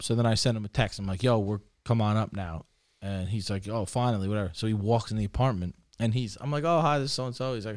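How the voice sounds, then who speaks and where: A man's voice: mid-range voice, fast talker, no room sound, studio quality. A man on a podcast telling a long crude story, rambling and profane. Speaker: podcast co-host.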